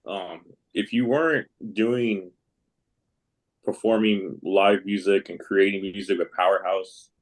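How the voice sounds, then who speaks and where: Cussing podcast host, low voice. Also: male voice, steady tone, takes it slowly, poor audio. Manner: loose, swears freely, friendly teasing. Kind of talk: casual podcast chat.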